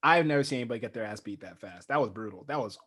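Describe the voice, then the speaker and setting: A man's voice: mid-range voice, animated, racing, fairly bright tone, husky. A man co-hosting a casual reality show recap podcast, joking and acting out quotes in punchy lines. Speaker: podcast co-host.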